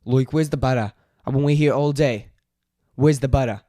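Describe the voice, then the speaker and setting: A talking male bear from a tabletop game , put on by a man, with a higher voice than you would expect. His speech comes out choppy and loud, with words that float. He has a put-on Australian-style lilt. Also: moderate pace, creaky, dry recording, studio quality. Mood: gruff complaining.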